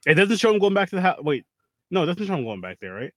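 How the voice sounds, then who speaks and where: A man's voice: sits high, very animated, fast talker, fairly bright tone, dry recording. A man recapping a movie in casual chat, rambling and profane, with lots of restarts and fillers.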